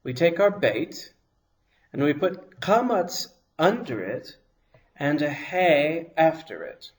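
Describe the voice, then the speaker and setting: A man teaching a language lesson, explaining each sound patiently and pronouncing examples slowly and carefully. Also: on the high side, very animated.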